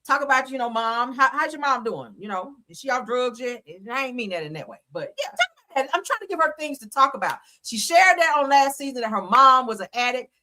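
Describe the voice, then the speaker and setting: A woman's voice: sits high, very animated, fairly quick, sharp tone, slight background noise. A woman, hosting a live stream, gossiping bluntly and sassily about reality TV while laughing and answering her chat. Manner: sassy, blunt, laughs often, talks to the chat. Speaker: reality TV commentary host.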